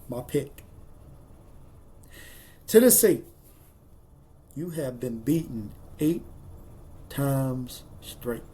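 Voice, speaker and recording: A man giving casual, emphatic college football picks in a folksy, excitable way. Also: medium pitch. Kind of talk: casual sports picks monologue.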